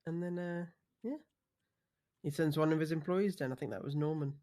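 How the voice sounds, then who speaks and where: A woman's voice: low-pitched, normal speed, mellow. A woman in character during game roleplay, speaking in an offhand, joking way.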